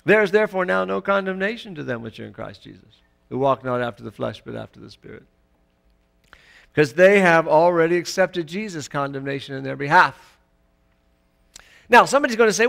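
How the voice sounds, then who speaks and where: A man preaching a sermon in a church, emphatic and rising to loud exclamations. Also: a little high, expressive, fairly quick, vocal fry, long pauses. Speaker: pastor.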